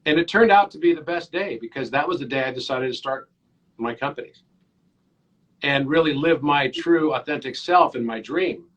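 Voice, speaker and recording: A man in his fifties, a podcast guest, talking earnestly and telling animated stories. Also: on the high side, normal speed, poor audio. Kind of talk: casual interview chat.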